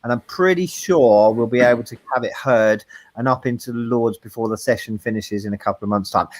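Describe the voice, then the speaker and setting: A man's voice: medium pitch, brisk, dry recording. A man with a South East London accent co-hosting a casual chat, joking and laughing often at himself. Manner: jokey, laughs often, self-mocking. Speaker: co-host.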